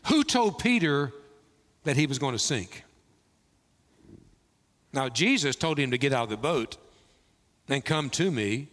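A male pastor preaching a sermon in a church, slow and emphatic with dramatic pauses. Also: medium pitch, expressive, a bit bright. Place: church sanctuary. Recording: long reverb of a large hall.

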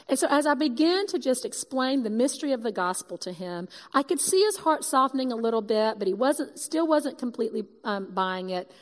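A woman giving a sermon, telling a personal story with lively, emphatic quoted dialogue. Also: on the high side, a little fast, few pauses. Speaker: speaker giving a sermon testimony. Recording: long reverb of a large hall.

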